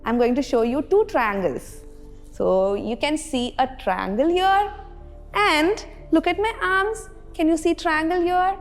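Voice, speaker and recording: A woman's voice: sits high, measured pace, faint music behind. A woman leading a playful yoga class for kids, counting poses aloud and encouraging them. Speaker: yoga instructor.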